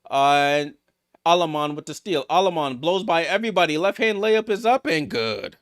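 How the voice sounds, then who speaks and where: Excitable man calling a basketball game. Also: on the high side, moderate pace. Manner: excitable, rattles off passes, reacts aloud. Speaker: watchalong host. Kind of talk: live play-by-play commentary.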